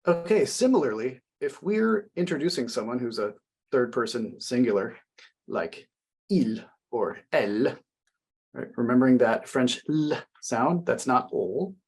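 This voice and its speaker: A young man teaching a French lesson, explaining words slowly and translating each phrase. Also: medium pitch, lively intonation, slightly rough. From United States. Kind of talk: classroom language lesson.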